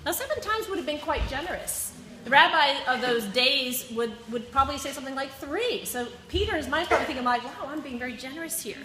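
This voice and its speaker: A woman's voice: high voice, animated, brisk, background noise. A woman teaching a Bible class, reading scripture aloud and explaining it in loose, self-correcting asides. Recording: echoey room.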